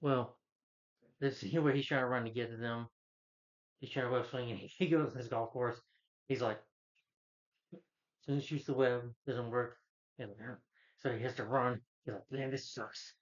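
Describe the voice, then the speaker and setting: A man giving a casual, rambling movie review, retelling the plot with many fillers and putting on higher voices for the characters. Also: steady tone, moderate pace, long pauses, dull audio. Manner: loose, filler-heavy retelling that jumps up in pitch for quoted characters.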